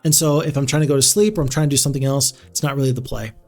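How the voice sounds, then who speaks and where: A man's voice: medium pitch, fairly even intonation, very fast, darkish tone, faint music behind. A man commentating a strategy game on a live stream, chatty and rambling with frequent restarts.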